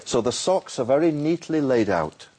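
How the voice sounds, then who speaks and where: A man with a husky voice tells a story as he explains how to call people to Islam. His pitch swings widely, and he repeats words as he goes. At times he acts out a street vendor's calls. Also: sing-song, normal speed, mellow. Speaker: Muslim preacher guest.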